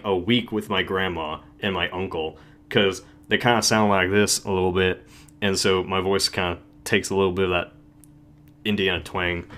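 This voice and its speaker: A man's voice: low voice, pushed and bright. A man co-hosting a casual podcast from Ohio, rambling and breaking off his sentences. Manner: rambling, self-interrupting, trailing off. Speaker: podcast co-host. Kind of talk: casual live podcast chat.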